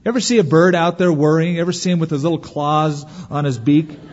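Animated preacher man in a big hall. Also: fairly high pitch, brisk. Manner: animated preaching, acts out worried voices. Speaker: pastor. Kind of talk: sermon. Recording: dull lo-fi recording with long hall reverb.

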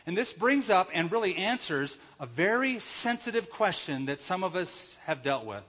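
A man's voice: high-pitched, sing-song, normal speed, pushed and bright, breathy edge. A male pastor preaching an emphatic sermon, explaining Greek words and posing rhetorical questions. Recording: echoey hall, dull lo-fi sound.

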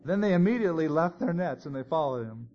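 Animated man teaching a sermon. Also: on the high side, fast talker. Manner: conversational, with joking asides. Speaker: Bible teacher. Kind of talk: expository Bible teaching sermon. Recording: dull lo-fi recording.

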